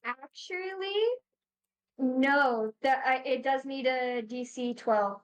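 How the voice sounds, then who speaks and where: Woman, tabletop player, high voice, unhurried, giggly, thinks aloud. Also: clear, resonant tone, rough recording. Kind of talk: playing a tabletop game on stream.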